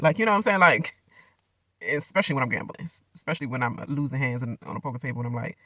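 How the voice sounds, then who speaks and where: A man's voice: on the high side, expressive, fast talker, bright, forceful tone, no echo. A man giving a loose, rambling recap of a reality show in casual slang, laughing often.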